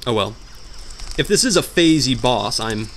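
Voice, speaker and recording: A man's voice: mid-range voice, animated, measured pace, a bit bright, a little hiss or hum. A young man doing let's play commentary while gaming, rambling and joking with melodramatic outbursts. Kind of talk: game commentary.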